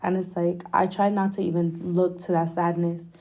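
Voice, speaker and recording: A young woman with a low, gravelly voice and a mellow, dark tone, speaking candidly and emotionally. She hosts her own podcast, swears freely and leans on "like" as she talks through a personal story. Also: level tone, normal speed. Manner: candid, emotional, swears often, many filler likes. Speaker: podcast host.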